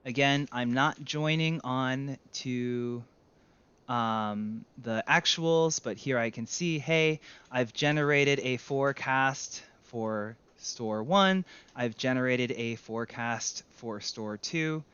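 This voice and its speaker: A man's voice: mid-range voice, slow, clear, resonant tone, lo-fi sound. Chatty man explaining data on screen. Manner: conversational, self-correcting, lively. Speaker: data instructor. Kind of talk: screen-share tutorial.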